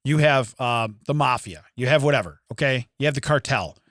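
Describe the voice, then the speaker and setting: A man's voice: medium pitch, expressive, a bit bright, no room sound, studio quality. A man co-hosting a comedy podcast, chatting casually, laughing often and riffing on the topic. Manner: laughs often, riffs with quick put-on voices. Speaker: podcast co-host.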